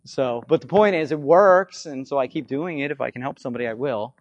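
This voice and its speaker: A man with a slightly hoarse voice, giving an informal teaching on faith healing, swinging between loud bursts and low asides and often checking in with "okay?". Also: fairly quick, dry recording, dull audio. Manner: repetitive, conversational, frequent "okay?" check-ins. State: hoarse from frequent yelling.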